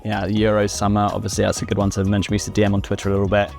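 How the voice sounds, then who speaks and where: Chatty young man with a low voice. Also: racing, vocal fry, faint music behind. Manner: relaxed, chatty, laughs often. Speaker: interviewer. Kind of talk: casual chat.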